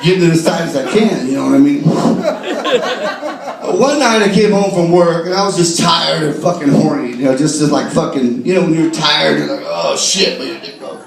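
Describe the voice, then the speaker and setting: A man doing a live stand-up routine on a bar stage, profane and animated, shouting his punchlines. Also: fairly high pitch, a little fast, creaky. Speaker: stand-up comedian. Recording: echoey bar, distant mic, loud crowd laughter.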